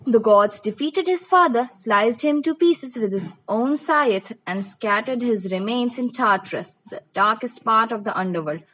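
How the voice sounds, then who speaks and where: A woman's voice: a little high, measured pace, few pauses, a bit bright, low-quality recording. A woman voicing a stern, demanding middle-aged male teacher in an audiobook reading, who speaks formally and asks pointed questions. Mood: lecturing.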